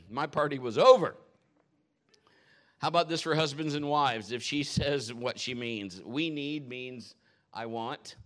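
A middle-aged man preaching a humorous sermon in a church, animated and jokey, laughing often and swinging between loud and soft. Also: mid-range voice, takes it slowly, long pauses. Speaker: pastor.

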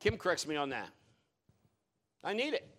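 Middle-aged male pastor, higher-pitched voice, emphatic sermon delivery with loud declarations and quiet asides. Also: sing-song, moderate pace.

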